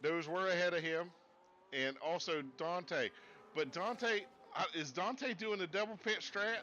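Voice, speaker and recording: A man's voice: high voice, a little slow, sharp tone, highs cut off, slight background noise. A man doing live sim racing commentary in a put-on Southern US accent, rambling and folksy with jokey asides, speaking from a desk streaming setup. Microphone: streaming setup at a desk with screens.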